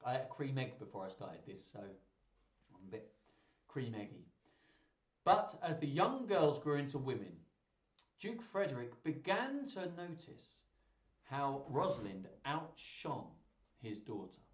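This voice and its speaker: A man's voice: medium pitch, big pitch swings, a little slow, long pauses. A man hosting a live stream, reading a children's story aloud with playful, chatty asides to his viewers. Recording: roomy echo.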